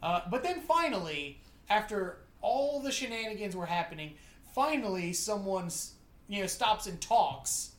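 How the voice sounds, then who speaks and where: Animated woman in an echoey room. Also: medium pitch, normal speed. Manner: animated, swears, acts out quoted voices. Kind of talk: casual movie review chat.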